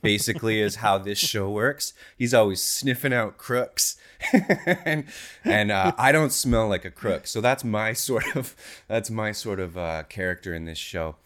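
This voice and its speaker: Low-voiced man rambling on a podcast. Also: measured pace, a bit bright. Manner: rambling, self-deprecating, laughs often. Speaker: podcast co-host and actor. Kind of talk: casual chat.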